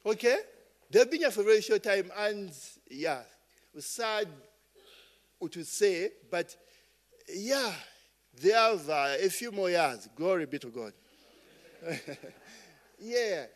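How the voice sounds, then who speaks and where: Ugandan male pastor, middle-aged, slow and rambling sermon delivery, fairly high voice, keeps checking in with the crowd. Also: expressive. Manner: rambling, call-and-response asides, frequent "eh?" and "okay?".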